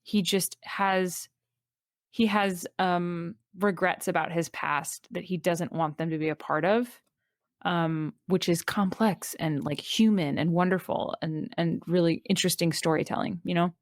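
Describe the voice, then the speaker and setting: A woman's voice: fairly low pitch, fairly even intonation, unhurried, dry recording, studio quality. A woman guest on a podcast, talking enthusiastically in casual chat, rambling with many fillers.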